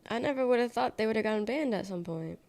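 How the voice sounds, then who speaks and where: Gravelly-voiced woman streamer chatting casually. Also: a little high, lively intonation, fast, a little mellow. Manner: chatty, reads chat aloud and reacts, blunt and swears freely. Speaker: livestreamer. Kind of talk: casual live-stream chat.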